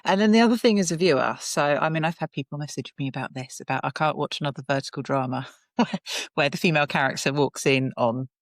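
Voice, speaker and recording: A woman's voice: low voice, fast, dry recording. Woman, interviewer, chatty, enthusiastic, dry close sound. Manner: chatty, enthusiastic, many fillers. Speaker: interviewer host. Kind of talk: casual interview chat.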